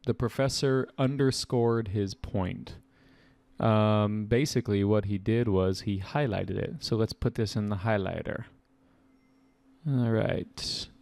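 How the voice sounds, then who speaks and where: A young man explaining vocabulary answers as a test-prep tutor, chatty and casual with quick asides. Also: fairly low pitch, fairly even intonation, gravelly, a little mellow, dry recording.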